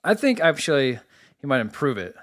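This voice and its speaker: A man co-hosting a casual podcast, telling a story with animated, profane energy. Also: medium pitch, fairly quick. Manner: animated storyteller, swears freely. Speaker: podcast co-host.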